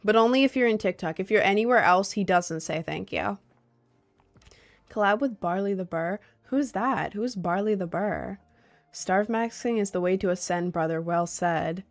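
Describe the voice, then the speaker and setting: A woman's voice: mid-range voice, moderate pace. A young woman hosting a casual livestream, chatting in a rambling way and greeting viewers by name as they join.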